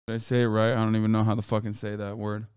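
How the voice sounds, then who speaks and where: A man's voice: fairly low pitch, clean tone, no room sound, studio quality. Profane man reacting to news. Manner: profane, animated, talks back to chat; reads quotes aloud quickly. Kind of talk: casual live-stream commentary.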